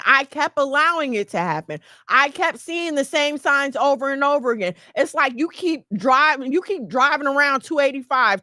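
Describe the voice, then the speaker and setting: Woman host, preachy and emphatic, high voice, dry close sound. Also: no room sound. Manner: emphatic and preachy, lively storytelling. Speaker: podcast host. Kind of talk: casual advice talk.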